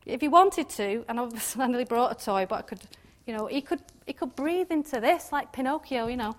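Woman talking through a bible passage, kinda high voice, laughs a lot, keeps going "doesn't it?". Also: expressive, a little fast, few pauses. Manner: chatty, laughs often, many tag questions. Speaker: Bible teacher. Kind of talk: informal devotional talk.

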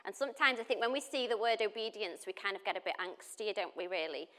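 A woman's voice: medium pitch, fast, fairly bright tone. A woman, preaching in a chatty, storytelling way with frequent laughter. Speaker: pastor. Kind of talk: casual sermon.

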